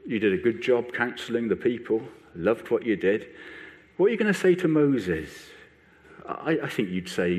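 A man's voice: medium pitch, normal speed. A male preacher delivering a sermon, voicing biblical figures with rising intensity. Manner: animated, rising sharply when voicing biblical speakers.

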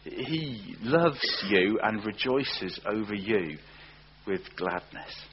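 A man preaching a sermon, earnest, often slowing down and repeating words for emphasis. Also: on the low side, animated, slightly rough. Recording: dull lo-fi recording with faint hum.

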